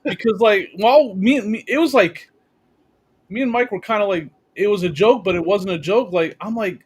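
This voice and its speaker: A man with a high voice talks excitedly in a casual chat, trading stories about deals. He is speaking over a video call. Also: normal speed, breathy edge. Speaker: reseller on a panel.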